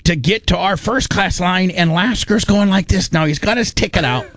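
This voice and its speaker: A man's voice: sits high, moderate pace, a bit bright, no room sound. A man casually telling a long, rambling story, with restarts and lots of fillers.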